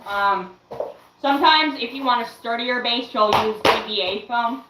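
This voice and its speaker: A young woman in her late teens chatting casually on a livestream, showing her craft work in a slow, hesitant way with lots of "um"s. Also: fairly high pitch, echoey room, background noise. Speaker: livestreamer and fursuit maker.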